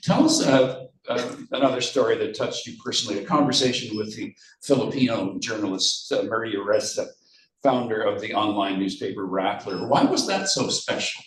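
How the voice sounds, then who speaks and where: A man hosting a book event, asking an author measured, prepared questions. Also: lowish voice. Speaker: event host, interviewer. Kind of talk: interview questions. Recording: roomy, distant mic.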